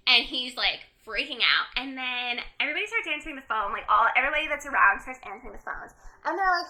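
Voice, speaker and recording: A young woman hosting a casual book chat, retelling a story scene by scene. She chatters along with plenty of fillers, voicing each character as she goes. Her voice sits high and bright, sharp at the edges. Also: quick pace, hardly any pauses. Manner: animated storyteller, acts out characters' lines, many "like" fillers. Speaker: book podcast co-host.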